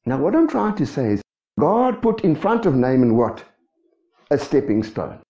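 A man preaching a sermon, asking the congregation rhetorical questions in a lively way. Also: on the high side, normal speed. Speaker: pastor. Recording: echoey dull room sound.

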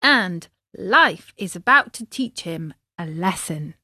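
Female storybook narrator: slow, expressive, talks to the children, dry close mic. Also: on the low side, dry recording. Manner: expressive, addresses young readers. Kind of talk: storybook reading.

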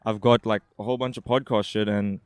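A man's voice: on the low side, steady tone, a little fast, a little mellow, clean tone, dry recording. A man chatting as a guest at an outdoor interview, rambling and slangy, holding a handheld mic. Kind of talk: casual chat. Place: outdoors at a skate park. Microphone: handheld microphone.

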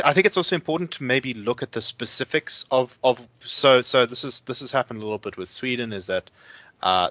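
A man in casual discussion who speaks thoughtfully and hesitantly, filling his pauses with ums and uhs. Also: fairly low pitch, bright, forceful tone, no room sound. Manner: thoughtful, hesitant, many fillers.

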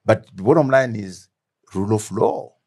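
A man's voice: fairly low pitch, moderate pace, a little mellow, husky. A middle-aged man from Zimbabwe, a former deputy prime minister, speaking as an interview guest, emphatic and fond of rhetorical questions. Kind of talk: animated political interview.

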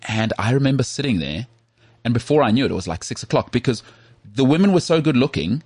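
A man from South Africa co-hosting a podcast, telling rambling, animated stories in casual chat. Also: mid-range voice, fast talker, husky, no echo. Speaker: podcast co-host. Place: Cape Town.

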